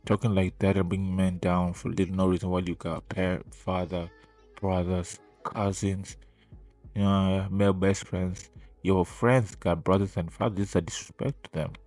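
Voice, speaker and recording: A man's voice: low-pitched, flat delivery, moderate pace, a little mellow, faint music behind. A man giving casual reaction commentary, talking in incredulous, exasperated bursts and swearing freely. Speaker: reaction video host.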